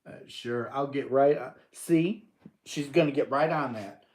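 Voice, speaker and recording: Older man, live-stream host, slow easygoing talk, mid-pitched voice, playful teasing, chatty. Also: darkish tone. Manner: playful teasing, laughs often. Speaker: livestream host. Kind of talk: casual live-stream chat answering viewers.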